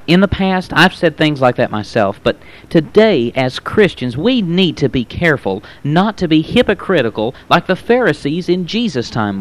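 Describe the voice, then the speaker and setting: A man giving a pre-recorded radio sermon, earnest, often saying "my friend" and quoting scripture in old-fashioned wording. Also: a little high. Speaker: radio preacher.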